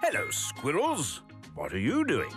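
A British man narrating a preschool cartoon in a gentle storybook manner. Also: on the high side, wildly swooping pitch, unhurried. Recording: dry studio voice-over with music.

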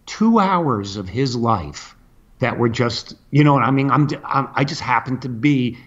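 A man's voice: mid-range voice, lively intonation, a little slow, a bit bright. Older male comic, casual storyteller, meandering delivery, slightly dull lo-fi audio. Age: 60s. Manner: rambling, anecdotal, acts out others' lines. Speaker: comedian guest.

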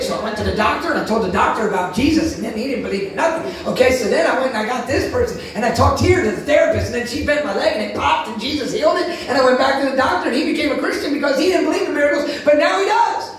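A man preaching with a strikingly high voice, telling animated stories and breaking into sudden shouts. He is caught from a distance in a very echoey room. A faint hiss sits under the recording. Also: fast. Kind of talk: sermon wrap-up.

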